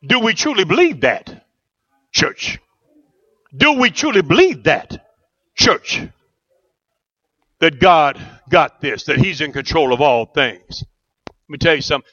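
A man's voice: high voice, sharp tone, highs cut off. A middle-aged man preaching a rousing sermon as pastor, asking the church questions and answering them.

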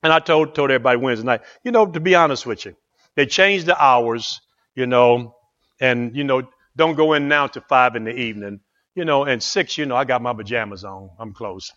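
A man preaching a fervent sermon as pastor, swinging from hushed asides to loud exclamations. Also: mid-range voice, fairly quick, highs cut off.

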